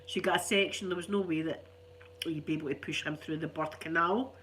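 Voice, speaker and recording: A woman's voice: low-pitched, fairly even intonation, fairly quick, fairly bright tone. Chatty older Scottish woman, rambling. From Scotland. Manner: chatty, rambling, laughs often. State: stuffy, unwell. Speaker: ASMR channel host. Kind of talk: casual chat to viewers.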